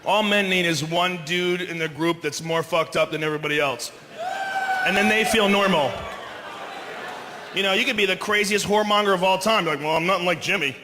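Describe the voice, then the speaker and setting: Loud, profane, high-pitched male comic on stage. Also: moderate pace. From Boston. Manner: loud, profane, acts out characters mid-bit. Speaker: stand-up comedian. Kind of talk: stand-up comedy set. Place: comedy venue on stage. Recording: live comedy club recording with reverb, audience noise.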